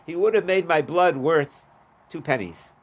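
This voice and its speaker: A man with a fairly high voice teaches a daf yomi Talmud class at a normal pace, reading the Aramaic and translating it in a relaxed, chatty style. The recording sounds lo-fi.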